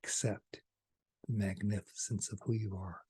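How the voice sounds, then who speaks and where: A man delivering a channeled spiritual message, soft-spoken and at times hushed. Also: fairly low pitch, normal speed, husky.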